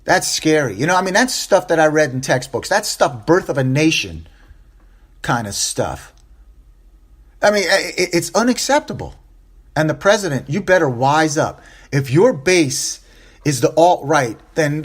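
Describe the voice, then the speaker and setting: A man hosts a solo opinion podcast, sounding upset and impassioned as he repeats phrases for emphasis and trips over restarts. His voice is high and sing-song, at a moderate pace.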